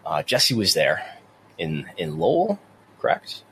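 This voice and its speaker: A man's voice: low-pitched, wildly swooping pitch, takes it slowly, fairly bright tone, a little hiss or hum. A man co-hosting a casual wrestling news talk show, rambling with frequent restarts. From near the US–Canada border. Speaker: podcast co-host.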